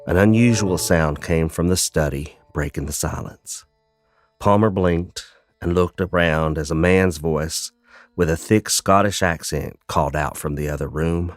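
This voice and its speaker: Low-voiced male storyteller. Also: no echo, studio quality, faint music behind. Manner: measured, descriptive, calm. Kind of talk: scripted fantasy story narration.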